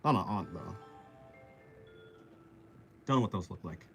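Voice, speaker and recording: A man's voice: animated, measured pace, gravelly, fairly bright tone, faint music behind. A man from the East Coast of the United States, chatting playfully with livestream viewers while he draws. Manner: playful and jokey, slips into silly squeaky voices. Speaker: art streamer. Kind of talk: casual chat with livestream viewers while drawing.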